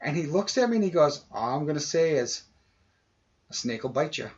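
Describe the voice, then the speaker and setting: On a podcast with dull, lo-fi sound, a co-host whose voice is on the high side talks a little fast. He's telling a long, easygoing story with animation, impersonating the people he quotes.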